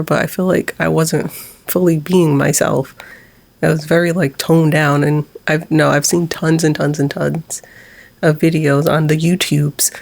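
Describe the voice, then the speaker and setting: Woman, gravelly voice, candid confessional vlog, rambling, occasional swearing, drops to whispers. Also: deep voice, a little mellow. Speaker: small YouTube creator.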